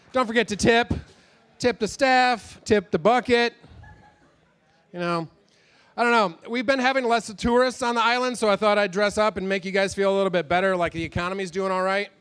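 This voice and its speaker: A man's voice: high voice, a bit bright, smooth. Rambling self-deprecating male stand-up comic. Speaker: stand-up comedian. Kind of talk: stand-up set.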